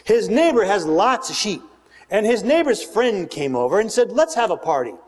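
A man's voice: high-pitched, sing-song, moderate pace. A man voicing the prophet Nathan, a grave old prophet confronting a king with a parable. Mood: telling. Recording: long reverb of a big hall.

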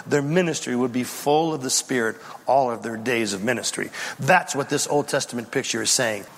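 A man's voice: medium pitch, normal speed, vocal fry, big-room sound. A man preaching a sermon with dramatic storytelling, acting out the voices of biblical figures. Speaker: pastor.

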